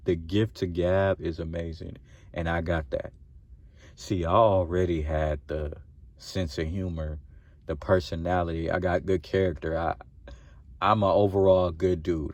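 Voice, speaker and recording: A man with a low, deep voice holds forth in a casual podcast monologue aimed at the guys. His talk is loose and full of slang and swearing, and he chuckles between points. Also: a little mellow, no room sound. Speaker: podcast host.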